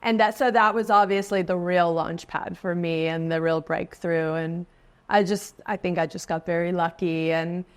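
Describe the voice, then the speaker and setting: Speaking at normal speed with a lowish voice and fairly even intonation, a guest actress in her forties chats through a casual interview. She laughs a lot and lifts her voice whenever she quotes someone.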